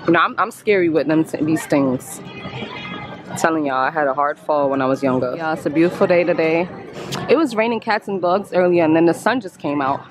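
A woman vlogging her family outing in a chatty, blunt, casual way, a little hoarse from screaming. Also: sits low, quick pace. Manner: chatty, blunt, excitable coaching. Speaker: vlogger, mother. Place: outdoor skating rink, then car. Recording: music playing behind. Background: loud music.

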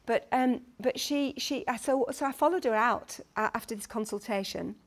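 A woman's voice: a little high, normal speed. A middle-aged woman with a Lancashire accent, a consultant midwife giving a conference talk, telling stories earnestly and eagerly with frequent restarts. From Lancashire, England. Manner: earnest, lively storytelling with many restarts. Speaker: guest speaker, consultant midwife.

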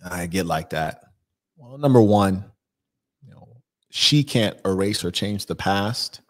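A man with a very low voice hosts an advice stream. He answers viewer questions bluntly and at a measured pace. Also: animated. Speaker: life coach host.

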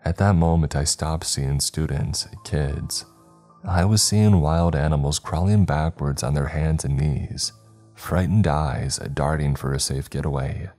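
Very deep-voiced male horror narrator. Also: mellow. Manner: measured, dramatic storytelling. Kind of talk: scripted narration. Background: faint background music.

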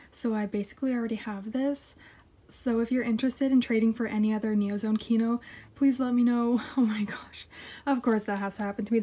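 A young woman in casual chat, unboxing her K-pop haul on her floor at home and gushing, sometimes dropping to a whisper. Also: a little high. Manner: gushing, excitable, drops to whispers. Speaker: K-pop collector vlogger.

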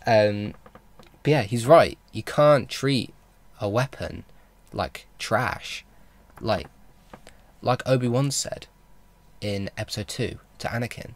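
A man's voice: fairly low pitch, slow pace, long pauses. A man vlogging a casual film recap, rambling and enthusiastic, with lots of fillers and restarts. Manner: enthusiastic fan talk.

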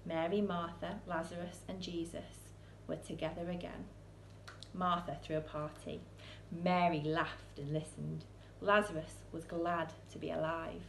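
A woman reading a children's picture book aloud in a church, expressive, with soaring questions and hushed lines. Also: on the low side, measured pace, gravelly, echoey room, slight background noise. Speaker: storyteller.

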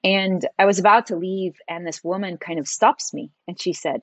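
A middle-aged woman, a podcast guest, telling her story in a lively conversational way. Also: fairly low pitch, moderate pace, no echo. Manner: animated, acts out quoted dialogue in her stories. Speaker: podcast guest, entrepreneur and designer.

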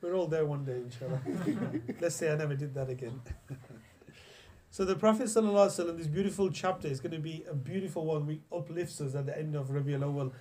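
In this hadith lesson, an Islamic teacher, a young man from England, speaks fast in a warm, higher-pitched voice with a slight hiss or hum on the audio. His storytelling is conversational, full of restarts and recited Arabic.

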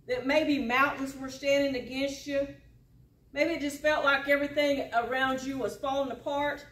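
A woman in her forties delivers a sermon, her high voice climbing in emphasis and then dropping to a hush. She is picked up from a distance in an echoey church, so the sound rings around the room. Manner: preaching with emphatic rises and hushed quiet passages. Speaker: preacher. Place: church sanctuary.

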